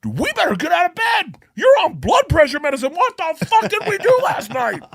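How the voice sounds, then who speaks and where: A man acting out his own panicked inner anxiety voice, yelling and cursing in a frantic high pitch. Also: big pitch swings, moderate pace, vocal fry, husky, full character voice.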